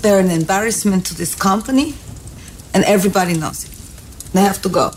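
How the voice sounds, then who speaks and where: An actress playing a scheming, ambitious middle-aged wife, speaking commanding, contemptuous English with an Italian accent. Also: female voice, mid-range voice, lively intonation, a little fast, a little hiss or hum, close to an everyday voice. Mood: scheming, cold. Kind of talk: film drama acting.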